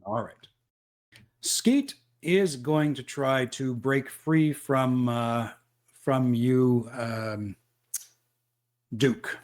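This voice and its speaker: A man running a tabletop role-playing game as game master, describing the action with frequent pauses and fillers. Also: mid-range voice, darkish tone. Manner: measured, thinking aloud with fillers.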